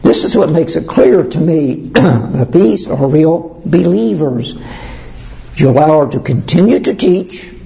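Man, pastor, bible teaching, somewhat high voice, warm mellow tone, emphatic, frequent throat-clearing. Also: lively intonation, low-quality recording. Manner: emphatic, slows down to stress key words.

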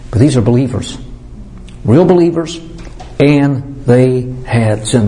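A man preaching as a pastor, teaching verse by verse. He slows down to stress key words and often clears his throat. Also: medium pitch, dark tone, rough recording.

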